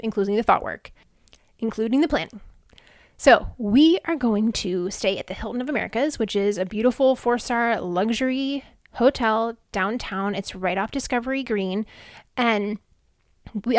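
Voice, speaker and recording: A woman's voice: a little high, dry recording, clean studio sound. Chatty, heartfelt woman podcast host. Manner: chatty, heartfelt, many "like" fillers. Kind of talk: casual solo podcast monologue. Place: Houston, Texas.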